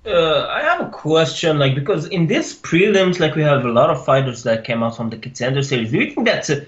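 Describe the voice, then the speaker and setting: A man's voice: very animated, brisk. A man co-hosting a casual sports podcast, talking hesitantly with lots of fillers and restarts. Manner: hesitant, many fillers and restarts, swooping pitch. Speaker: podcast co-host. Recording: dull lo-fi sound.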